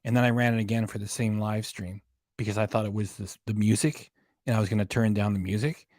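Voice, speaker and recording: Low voice guy rambling on a stream, dry close sound. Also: steady tone, fast, darkish tone, dry recording. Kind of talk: casual livestream chat.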